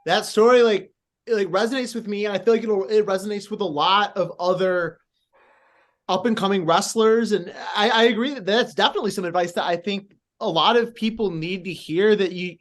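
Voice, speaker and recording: A man's voice: high-pitched, fairly quick. A man who wrestles, asking for advice in a rambling way, full of "like" and false starts. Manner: rambling, many fillers and restarts, eager and apologetic. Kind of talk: casual interview questions.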